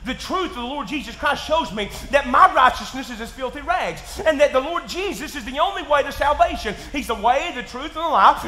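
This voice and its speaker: A man with a Kentucky accent preaching in church, folksy and plain-spoken, dropping to quiet asides and rising to shouts. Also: very high-pitched, expressive, a little fast, hardly any pauses. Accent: Southern US, Kentucky. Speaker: pastor. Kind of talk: sermon. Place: church sanctuary. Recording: echoey church room.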